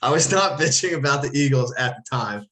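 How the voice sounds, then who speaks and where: A Philadelphia-area man and former ballplayer co-hosts a podcast, casually spinning a long, rambling story full of swearing and self-corrections. His medium-pitched voice is expressive, brisk, and slightly bright.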